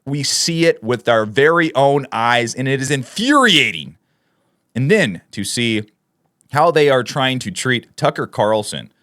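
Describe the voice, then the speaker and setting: A man hosting political commentary, reading news aloud and reacting with sarcastic, heated remarks that swing between loud outbursts and low asides. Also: no echo, studio quality.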